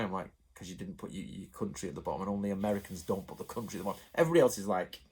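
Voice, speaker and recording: A man from England chatting to his viewers in a rambling, animated way, going off on asides. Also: sits low, racing, husky. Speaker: channel host. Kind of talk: casual chat to camera.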